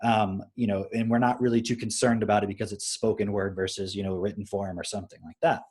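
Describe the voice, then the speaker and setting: A man's voice: fairly low pitch, flat delivery, fast talker, darkish tone, breathy edge. A young adult man on a live stream, casually explaining his parenting approach through stories and often checking in with "right?".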